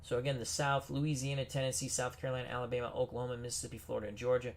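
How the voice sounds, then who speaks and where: A man's voice: medium pitch, monotone, very fast, gravelly. A man hosting a gaming video, reading player names off team rosters with casual asides and reactions. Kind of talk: casual game commentary.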